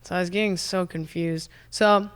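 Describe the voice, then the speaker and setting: A woman's voice: lowish voice, steady tone, normal speed, clear, resonant tone. A woman from San Diego, a podcast guest chatting casually and telling rambling stories full of swearing and laughter in a studio. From San Diego, California. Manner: rambling, swearing storyteller who laughs often. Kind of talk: casual chat.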